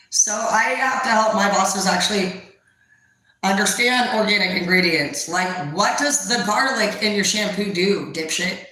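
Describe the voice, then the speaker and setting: A woman's voice: mid-range voice, measured pace, pushed and bright. A young woman doing a casual tarot reading, blunt, profane and rambling, in an echoey room. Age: young adult. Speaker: tarot reader.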